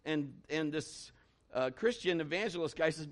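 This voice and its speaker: A pastor preaches a sermon in a high voice. He builds his volume and calls out to the congregation as he goes. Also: animated, moderate pace.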